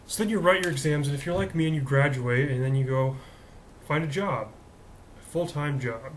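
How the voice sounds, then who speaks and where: A man's voice: a little high, moderate pace, slight background noise, rough recording. A young man in his twenties hosting a comedic vlog, talking in a rambling, jokey, self-mocking way. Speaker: host.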